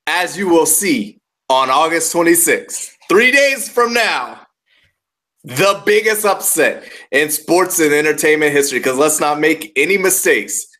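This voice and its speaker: A man's voice: a little high, expressive, unhurried, pushed and bright. A man hosting a wrestling radio show, bantering casually and trash-talking playfully, often repeating himself. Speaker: podcast host.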